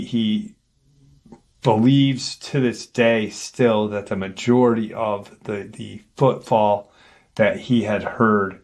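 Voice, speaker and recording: A man with a lowish voice recounting a paranormal encounter at a slow, deliberate pace. He talks hesitantly, restarting sentences and padding them with fillers as he retells what happened. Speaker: paranormal storyteller, channel host.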